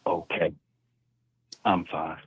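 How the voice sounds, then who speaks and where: A man's voice: low-pitched, flat delivery, slow pace, slightly rough, no echo, highs cut off. A man calling in to a live show, eagerly retelling sounds and voices he heard on a video. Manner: retells sounds and quotes from a video with rising emphasis. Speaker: caller.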